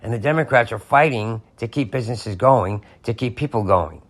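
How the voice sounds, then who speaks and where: A man's voice: medium pitch, moderate pace, few pauses. Give me an angry, sarcastic man ranting on his podcast. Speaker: podcast host. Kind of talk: political rant monologue.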